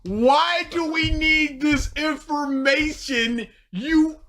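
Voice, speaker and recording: Co-host with a bright, slow, animated delivery and sarcastic commentary. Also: high-pitched. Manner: sarcastic, laughs often. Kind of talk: comedic clip commentary.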